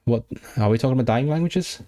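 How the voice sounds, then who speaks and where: A man's voice: mid-range voice, fast, mellow. A man studying a language on a livestream, thinking aloud and repeating foreign words to practice them. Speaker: language learner streaming. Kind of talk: casual self-study livestream.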